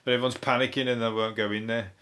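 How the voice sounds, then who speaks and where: Man, Birmingham accent, comedian host, mid-pitched voice, sweary rambling, laughs at own jokes. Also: little pitch movement, a bit bright. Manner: throws in quick silly impressions. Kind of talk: rambling comedic news review.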